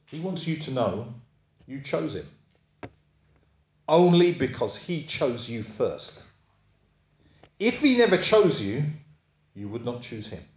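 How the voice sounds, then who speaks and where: A man's voice: medium pitch, darkish tone. A man preaching a sermon, talking in a conversational way and often checking in with his listeners. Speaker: pastor. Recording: echoey room.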